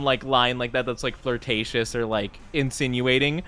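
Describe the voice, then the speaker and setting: A young man chatting casually on a live stream, rambling and self-deprecating, often jumping into high squeals. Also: fairly even intonation, moderate pace, hardly any pauses, pushed and bright, soft background music.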